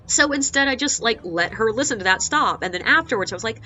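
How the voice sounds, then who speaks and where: A woman working as a ghost tour guide, telling stories in a casual, sarcastic, animated way and acting out the quotes. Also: on the high side, quick pace, hardly any pauses, muffled recording. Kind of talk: casual storytelling vlog.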